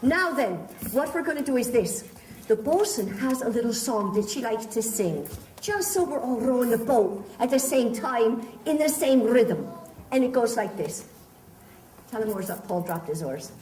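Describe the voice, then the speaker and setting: A woman's voice: on the high side, big pitch swings, moderate pace, darkish tone. A woman performer leading a live audience through a pirate-themed participation show, theatrical and doting, calling her volunteers love and darling. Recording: echoey room from a distance, faint crowd and noise.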